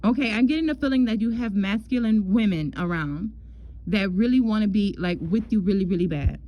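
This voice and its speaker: A woman talks through a casual love reading as a tarot reader, at an everyday middle pitch. She is chatty and loose, often repeating herself and calling the listener "girl". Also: fairly quick, muffled recording.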